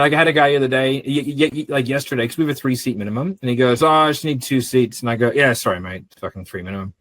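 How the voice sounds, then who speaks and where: A middle-aged man, a business owner, chatting casually on a podcast in a blunt, profane, animated storytelling way. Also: medium pitch, dry recording, rough recording.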